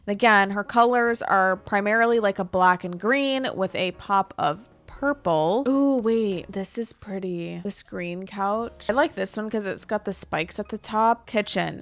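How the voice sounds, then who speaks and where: Chatty young woman thinking aloud. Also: medium pitch. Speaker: Sims building creator. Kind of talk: casual gameplay commentary.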